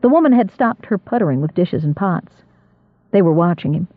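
A man narrating an audiobook in a measured, expressive reading voice. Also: high-pitched, dry recording. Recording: dry, tinny phone-like audio.

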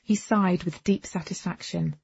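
A woman reads a first-person novel with intimate, wry storytelling. Her voice is dark, gravelly and very husky. It sits in a dull, dry lo-fi recording. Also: lowish voice, fairly even intonation, normal speed, no echo. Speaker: audiobook narrator.

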